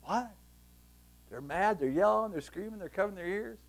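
Animated high-voiced man preaching a sermon. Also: normal speed, gravelly. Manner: animated, conversational, acts out scenes; reads scripture aloud. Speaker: pastor.

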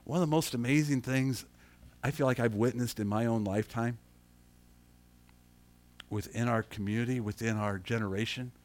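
A middle-aged man preaching a sermon, animated, acting out quotes and asking his congregation questions. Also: mid-range voice, normal speed, pauses often. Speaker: pastor.

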